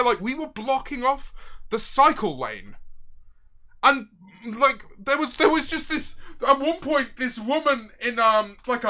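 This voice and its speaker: A young streamer chatting to his viewers in a loose, profane, animated way. His voice is bright and sharp, and it swings widely in pitch as he gets excited, often jumping into loud bursts. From Britain. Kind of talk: casual storytelling chat.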